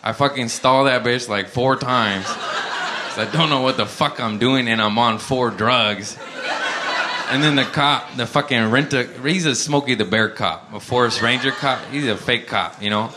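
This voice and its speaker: A male stand-up comedian telling a profane, laid-back story on a club stage, with bursts of animated excitement. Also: medium pitch, moderate pace, noisy background.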